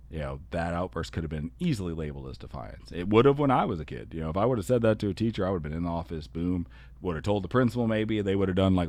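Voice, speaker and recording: A man with a very low voice talks through a solo podcast episode as an educator. He keeps it earnest and conversational and leans on "you know" and "kinda" as he explains. The sound is close and dry, with no room around it. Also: darkish tone, no echo.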